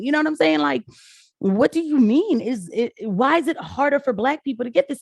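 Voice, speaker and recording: A young woman vlogging casual political commentary, animated and sarcastic, talking straight to her viewers. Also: sits high, a little fast, dry recording, studio quality.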